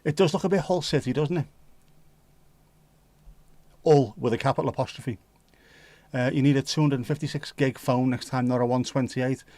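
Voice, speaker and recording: A man's voice: mid-range voice, normal speed, pauses often, dark tone, dry recording. A man with a Scouse accent hosting a livestream, chatting casually in a rambling, jokey, sweary way. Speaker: livestream host. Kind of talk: casual chat.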